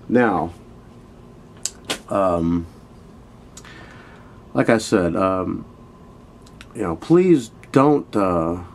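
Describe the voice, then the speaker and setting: A man with a very low voice gives a loose, chatty video lesson. He addresses his viewers directly and keeps reaching for fillers as he explains. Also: darkish tone. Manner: rambling, filler-heavy and chatty. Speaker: online Thai language teacher.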